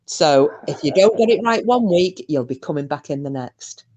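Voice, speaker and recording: Low-voiced woman chatting on a livestream. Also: animated, moderate pace, mellow. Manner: chatty, swears casually, reads out viewer comments. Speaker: livestream host. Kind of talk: casual chat.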